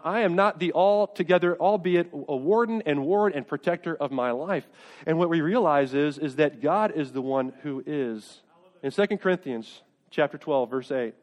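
A middle-aged man preaching a sermon as pastor, earnest and repetitive, building to pleading intensity. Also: a little high. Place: church sanctuary. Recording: long reverb of a church hall.

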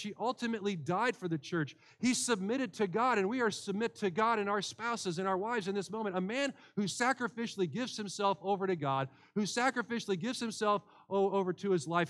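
A high-voiced man preaches a sermon to his church. He speaks earnestly as pastor and often restarts his phrases as he builds a point. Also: fairly bright tone.

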